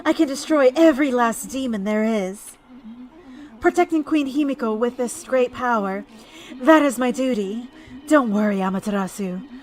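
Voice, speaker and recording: A woman voicing an earnest young warrior priestess in a video game, with a breathy voice and an urgent way of speaking. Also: on the high side, moderate pace, a little mellow, close to an everyday voice.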